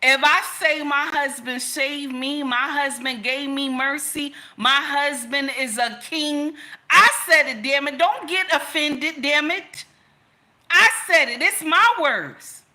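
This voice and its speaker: A woman's voice: high-pitched, takes it slowly, bright, forceful tone. A woman speaking straight to her audience in an impassioned rant, scolding and repeating herself for emphasis. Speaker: commentator. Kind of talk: impassioned direct-to-camera rant.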